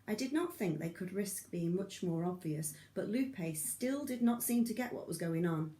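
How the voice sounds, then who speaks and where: Woman reading a book out loud, lowish voice, steady, echoey room. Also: normal speed. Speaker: audiobook reader. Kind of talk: audiobook narration.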